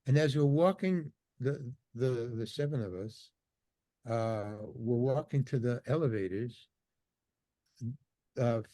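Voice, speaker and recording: Older male guest, animated storyteller, dry studio sound. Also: medium pitch, dry recording. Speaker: podcast guest. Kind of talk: casual storytelling interview.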